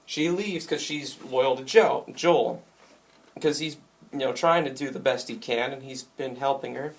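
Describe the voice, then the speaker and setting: A young man casually reviewing a video game, retelling scenes in an excited, rambling way with lots of likes and ums. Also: medium pitch, a little slow.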